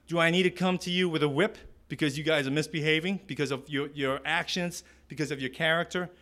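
A man's voice: a little high, a bit bright. A man preaching a sermon, telling a personal story with many restarts and fillers and acting out other people's lines. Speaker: pastor.

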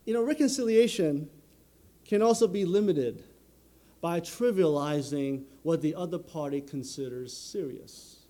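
Earnest high-voiced male preacher. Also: warm tone. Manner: earnest, measured, with many "you know" fillers. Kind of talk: sermon.

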